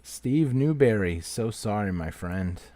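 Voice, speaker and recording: A very deep-voiced man hosts a live giveaway in casual live-stream commentary, animated but taking it slowly. He keeps apologizing with "so sorry, my friend" to each name, alternating loud call-outs with quiet asides.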